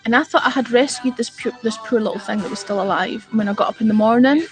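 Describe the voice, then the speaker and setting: A woman's voice: a little high, quick pace, faint music behind. A middle-aged woman, telling a comic story on a casual livestream and swearing freely. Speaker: livestream host.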